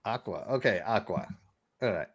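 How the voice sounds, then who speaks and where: A man's voice: lowish voice, expressive, moderate pace, husky. A middle-aged man from Texas hosting a casual gaming podcast, rambling and laughing as he reads out viewer comments. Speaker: podcast host.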